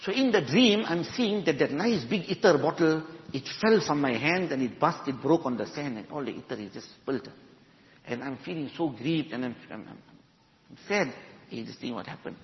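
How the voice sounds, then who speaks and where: Guy preaching, tells stories, drops arabic and urdu words, kinda high voice, echoey hall, muffled. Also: lively intonation, normal speed. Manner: storytelling, mixing Arabic and Urdu words into English. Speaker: Muslim preacher. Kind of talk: sermon. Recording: dull echoey hall recording.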